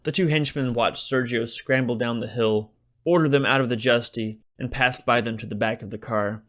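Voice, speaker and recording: An author narrates his own comic novel as an audiobook, his delivery wry and deadpan. His voice is medium-pitched and his pace moderate.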